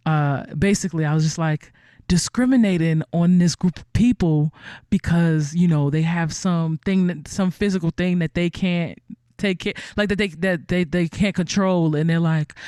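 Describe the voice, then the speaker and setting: Man hosting an online concert, high voice, dry close sound, rambling, lots of fillers. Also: smooth, dry recording. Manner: rambling, animated, many fillers and restarts. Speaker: host of a virtual benefit concert. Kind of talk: casual hosting chat.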